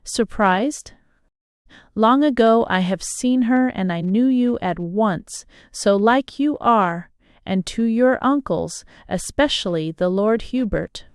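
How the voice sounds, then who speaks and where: A woman voicing an alluring, teasing foreign lady who speaks slowly and lingeringly. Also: fairly high pitch, lively intonation, clean tone, no room sound, clean studio sound. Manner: slow, lingering, playfully seductive.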